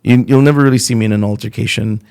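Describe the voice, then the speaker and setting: A man's voice: lowish voice, steady tone, rapid-fire, vocal fry, a little mellow, smooth. A middle-aged man, a comedian guest on a podcast, telling blunt, profane, rambling stories in casual chat.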